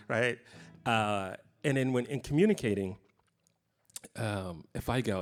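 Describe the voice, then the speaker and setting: A middle-aged man giving a casual guitar clinic in a guitar shop, talking in a relaxed, rambling way with many fillers. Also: lowish voice, normal speed. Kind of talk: casual teaching talk. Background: guitar playing.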